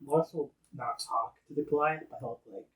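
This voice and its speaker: A man's voice: on the high side, steady tone, fairly quick, a bit bright. A man playing a tabletop game, curious and asking the game master many questions. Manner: curious, asks lots of questions. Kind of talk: casual game chat. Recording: voice a bit far from the mic.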